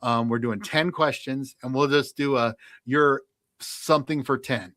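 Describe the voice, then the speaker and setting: A man co-hosting a radio show, chatting casually and running a quiz, animated and laughing as he tells stories. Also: medium pitch, unhurried, dry recording.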